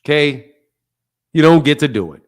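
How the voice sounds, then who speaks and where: A man's voice: fairly high pitch, lively intonation, normal speed, clean tone. A man hosting a live call-in show, talking bluntly and swearing freely. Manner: blunt, profane, calls people bro. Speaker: host.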